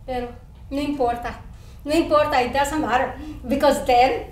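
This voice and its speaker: A woman's voice: high-pitched, fairly even intonation, normal speed, a little mellow, close to an everyday voice. A woman acting out an eager, chatty first-grade girl in a one-woman stage show, speaking childlike English with a San Antonio Spanish-influenced accent and slipping into Spanish. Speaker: stage performer. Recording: roomy stage sound from far off with faint hiss.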